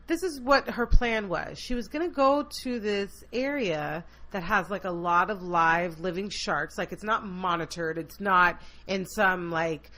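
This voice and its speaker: A woman co-hosting a podcast, telling stories in casual, profane, animated chat. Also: on the low side, measured pace, few pauses. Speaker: podcast co-host.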